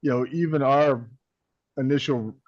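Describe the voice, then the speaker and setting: A male podcast host in casual chat, agreeing easily and asking loose, wandering questions. His voice sits at an average pitch. The recording is dull and lo-fi with a dry sound. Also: steady tone, unhurried, a little mellow, no echo.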